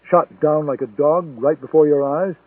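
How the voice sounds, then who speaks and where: Narrator doing a menacing male assassin, taunting, raised and husky, thin phone-like audio. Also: on the high side, dry recording, far from the mic. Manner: taunting, deliberate and threatening. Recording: tinny phone-like sound, dry.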